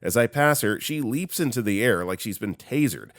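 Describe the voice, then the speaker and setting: A man reading online stories aloud, with an animated, sarcastic storytelling manner into a close microphone. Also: medium pitch, normal speed, no room sound. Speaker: story narrator.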